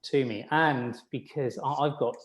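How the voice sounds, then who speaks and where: A man in his thirties, a podiatrist, appears as a guest in a casual interview, speaking a little slowly in a mid-range voice. Relaxed and self-deprecating, he thinks aloud and often restarts his sentences.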